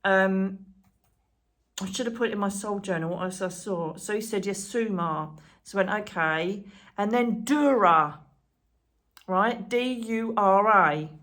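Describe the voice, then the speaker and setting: A woman chatting to camera as a channel host, excitable and rambling, full of asides and fillers. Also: medium pitch, unhurried, long pauses. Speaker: psychic medium and channel host. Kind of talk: casual chat to camera.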